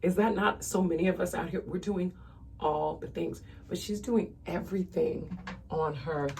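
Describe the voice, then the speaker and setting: A woman's voice: lowish voice, moderate pace, darkish tone, husky. Chatty woman doing her makeup. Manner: chatty, talks straight to viewers as "y'all". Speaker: makeup vlogger. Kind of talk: casual makeup tutorial chat.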